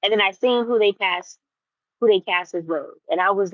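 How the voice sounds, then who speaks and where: A woman's voice: mid-range voice, a little fast, no room sound. Young woman vlogger, chatty and worked up, dry slightly muffled sound. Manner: animated, repeats herself for emphasis. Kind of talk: casual ranting chat to viewers.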